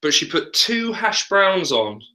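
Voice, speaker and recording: A man's voice: high voice, sing-song, a little slow, pushed and bright. A man, a vocal coach, chatting casually on a webinar and laughing often.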